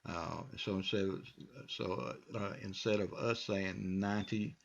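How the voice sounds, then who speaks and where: A man with an American accent teaching English number pronunciation, drilling them slowly with casual fillers. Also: sits low, vocal fry, highs cut off. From United States. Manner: relaxed, repetitive drilling with fillers. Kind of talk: pronunciation lesson.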